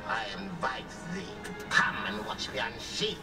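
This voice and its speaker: An actor playing a boastful, bawdy medieval English lord in a comedy sketch, using a put-on British accent. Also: male voice, medium pitch, big pitch swings, a little slow, distant mic, over loud music, low-quality recording.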